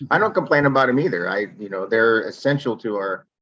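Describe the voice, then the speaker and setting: A man's voice: medium pitch, animated, moderate pace, fairly bright tone. A man chatting on a group video call who argues his opinions and tells stories about friends. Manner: opinionated, storytelling, argumentative. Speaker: regular participant. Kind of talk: casual group video chat. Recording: dull, lo-fi video call audio.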